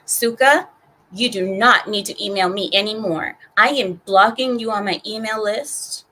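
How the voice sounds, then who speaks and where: Young woman host with a sarcastic, animated ranting delivery and a bright voice. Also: mid-range voice, a little slow, slight background noise, low-quality recording. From California. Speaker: streamer and host. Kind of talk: ranting news commentary.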